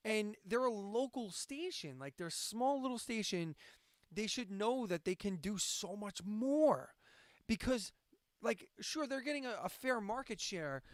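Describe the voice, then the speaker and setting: A man's voice: high-pitched, no echo, clean studio sound. A man hosting a late-night casual chat stream, ranting and swearing, from central Pennsylvania. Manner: ranting, profane, sarcastic. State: insomniac, drinking coffee late at night. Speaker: live-stream host and radio DJ.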